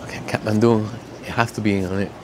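A man making candles, talking in an emotional, heartfelt way and slowly reading out fragrance notes. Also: on the low side, fairly even intonation, background noise. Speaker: candle maker. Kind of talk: casual vlog talk.

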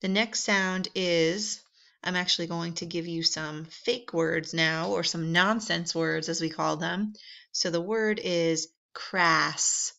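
A woman's voice: lowish voice, steady tone, slow pace, vocal fry, sharp tone. A woman teaching vowel sounds in a phonics drill, patient and encouraging, drawing out each sound. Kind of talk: slow, deliberate phonics drill. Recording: slightly dull, lo-fi sound.

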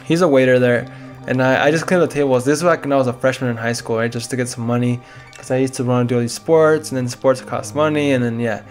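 A man's voice: medium pitch, fairly even intonation, fast talker. Young male gamer, rambling and weary, narrating his play with faint game music under him. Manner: rambling, chatty, frequent "like". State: tired. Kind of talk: casual gameplay commentary.

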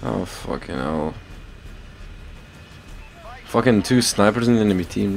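A man with a Belgian accent giving casual gameplay commentary, his voice a little sore from a cold, swearing freely and breaking into excited outbursts. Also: on the low side, moderate pace, creaky, pauses often, slight background noise. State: has a cold, slightly sore voice. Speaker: gaming channel host.

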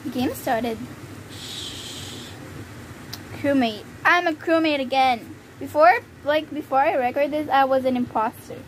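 A woman's voice: sits high, unhurried, low-quality recording. A young woman from the Philippines chatting casually while playing a video game, easily flustered. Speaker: gamer. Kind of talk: casual gameplay commentary. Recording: faint background noise.

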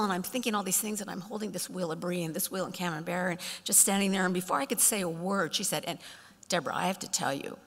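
A middle-aged woman giving a storytelling keynote speech, acting out the voices of people in her stories. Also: mid-range voice. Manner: animated, acts out quoted voices. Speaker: keynote speaker. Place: conference hall. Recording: long hall reverb.

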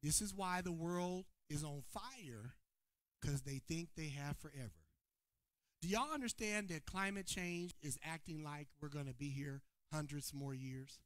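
A preacher man delivers a sermon to a live congregation, his voice bright and cutting. He calls out to the room and trades loud shouted points for low, quiet asides. The sound is close and dry. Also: unhurried, no echo. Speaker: pastor. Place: church sanctuary before a congregation.

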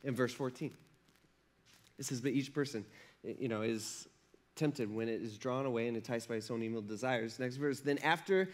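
A male pastor preaching a sermon in a conversational, animated way, acting out little scenes with playful voices. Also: mid-range voice, normal speed. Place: church service.

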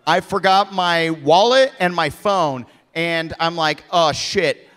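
A man, a comedian and podcast co-host, telling an animated story live on stage. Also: fairly high pitch, slow, clear, resonant tone. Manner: animated, acts out the people in his stories. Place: theater stage, live audience. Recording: live venue with hall echo.

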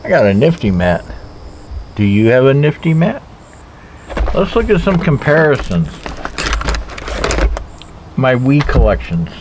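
A man's voice: medium pitch, big pitch swings, a little slow, pauses often, noisy background. A man casually reviewing knives in a rambling, joking way, talking to himself as he handles them outdoors. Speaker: knife reviewer. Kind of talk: casual knife review vlog. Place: outdoors in a backyard.

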